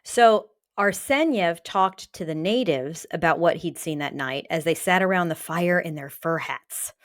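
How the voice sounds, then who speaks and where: A woman's voice: lowish voice, unhurried, no echo. Wry woman podcast storyteller, dry sound. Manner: wry, deadpan jokes while telling the story. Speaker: podcast co-host. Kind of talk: casual storytelling chat.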